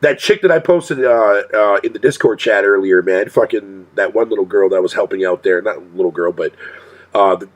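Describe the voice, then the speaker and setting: A man's voice: on the low side, normal speed. A male streamer talking casually to his chat in a profane rant, swearing constantly and laughing often.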